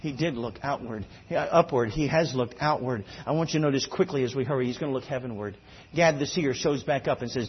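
A man preaching a sermon, swinging between loud exclamations and low, quiet emphasis. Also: a little fast, lo-fi sound, slight background noise.

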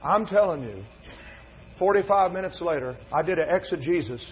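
A man's voice: fairly high pitch, animated, normal speed, a little hiss or hum. A middle-aged man, a pastor from North Carolina preaching a sermon in a church, telling folksy stories and rising to emphatic fervor. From North Carolina, USA. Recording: dull lo-fi recording.

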